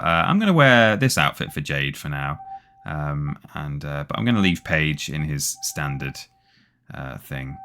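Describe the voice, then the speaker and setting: A man's voice: low voice, fairly bright tone. A man streaming a video game, chatting casually and rambling as he plays, often correcting himself with a playful tone. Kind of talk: casual gameplay commentary.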